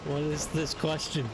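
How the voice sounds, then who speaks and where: A man's voice: a little high, background noise. A young British man streaming a game, chatting with viewers, joking and swearing casually. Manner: chatty, swearing, laughing with chat. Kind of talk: casual gameplay commentary. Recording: game music behind. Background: game music.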